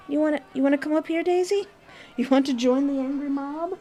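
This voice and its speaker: Woman streamer goofing around during a game, chatty, kinda high voice, laughs a lot. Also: a little fast, dark tone, faint music behind. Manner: playful, chatty, laughs often. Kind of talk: live game commentary.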